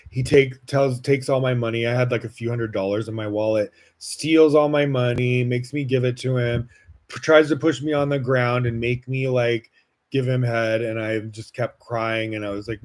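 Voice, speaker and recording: Man from Las Vegas, podcast host, mid-pitched voice, chatty and frank, fillers throughout. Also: normal speed. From Las Vegas, United States. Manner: casual, heavy use of "like" fillers, frank and animated. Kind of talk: personal storytelling.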